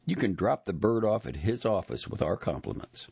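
A man's voice: on the low side, very animated, normal speed, vocal fry, a little mellow, breathy edge, no room sound, lo-fi sound, heavily acted. A male narrator voicing a curt, irritated woman bank employee who speaks brusquely and dismissively.

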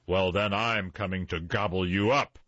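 An older man voicing a big, ugly, greedy troll in a gruff, demanding way, reading a storybook. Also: deep voice, steady tone, moderate pace, fairly bright tone, dry recording, highs cut off.

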